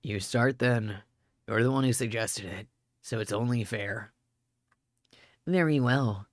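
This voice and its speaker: A detached tall young man from a visual novel speaks in a dry, close voice pitched well below the reader's own, put on by a man reading aloud. His delivery is flat, even and unhurried, with little emotion showing. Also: no echo, natural voice. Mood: calm.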